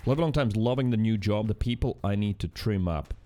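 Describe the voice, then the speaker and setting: A man's voice: on the low side, brisk, warm tone, faint music behind. A man streaming from home, chatting casually with viewers and reading chat aloud with teasing banter.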